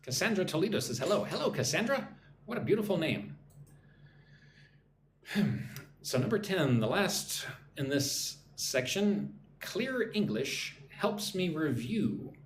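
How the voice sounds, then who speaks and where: Sleepy male English teacher, animated pitch. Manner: drills phrases slowly, reads chat names aloud. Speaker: English teacher hosting a live stream. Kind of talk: live-streamed pronunciation lesson. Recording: echoey room with faint background noise.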